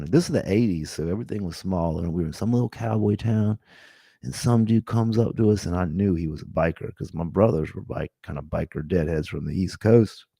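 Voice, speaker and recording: A man's voice: low voice, vocal fry, dark tone, slightly rough, dry recording, studio quality. A man in his fifties, a podcast host telling a story in a loose, rambling way with many restarts. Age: 50s. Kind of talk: casual storytelling.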